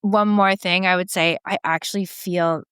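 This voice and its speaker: A woman's voice: fairly low pitch, moderate pace, clear, resonant tone, no room sound, studio quality. A middle-aged woman from Canada, a podcast guest telling her own story candidly and acting out what she said. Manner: animated, acts out quotes of herself.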